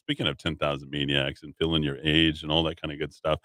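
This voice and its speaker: Low bright voiced co-host guy, relaxed, dry studio. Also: fast, no echo. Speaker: radio co-host. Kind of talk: casual chat and show wrap-up. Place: radio studio.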